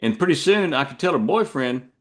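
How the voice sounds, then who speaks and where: A man's voice: medium pitch, very animated, fairly quick. A Texan man hosting a show, telling a rambling folksy story full of asides. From Texas. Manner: folksy, digressive, drawling asides. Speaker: podcast host.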